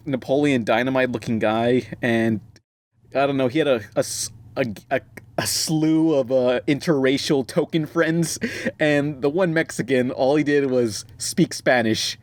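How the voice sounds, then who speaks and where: Man ranting casually on a podcast. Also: mid-range voice. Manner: profane, rambling, frequent fillers and restarts. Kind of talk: casual group podcast chat.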